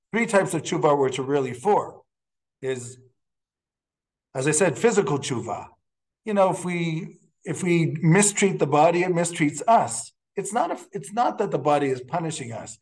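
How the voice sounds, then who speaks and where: A man teaching as a rabbi in a lecture, talking in halting phrases with frequent restarts and telling stories with quiet laughs. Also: fairly high pitch. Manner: storytelling with laughs and Hebrew quotes. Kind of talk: classroom lecture.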